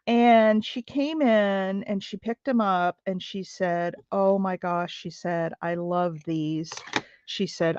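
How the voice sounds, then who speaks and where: A woman's voice: on the low side, slow pace, darkish tone, smooth, no echo, lo-fi sound. A middle-aged woman telling a story while she crafts on a livestream, chatty and rambling with lots of fillers and asides.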